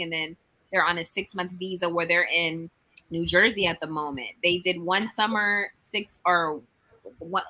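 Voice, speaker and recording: Bright-voiced chatty woman. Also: fairly low pitch, poor audio. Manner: chatty, repeats "I be" and "like". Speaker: co-host. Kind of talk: casual chat.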